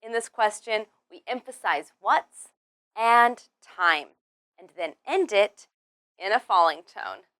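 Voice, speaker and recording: A woman teaching English pronunciation, drilling words one by one and stressing each clearly. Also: mid-range voice, expressive, slow, bright, forceful tone, no echo, clean studio sound. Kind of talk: slow, deliberate pronunciation lesson.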